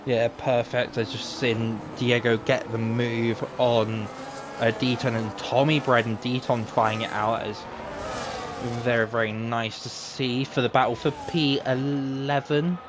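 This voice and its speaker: A man's voice: mid-range voice, fairly even intonation, unhurried, noisy background. Chatty man commentating a sim race. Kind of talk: live sim-racing commentary.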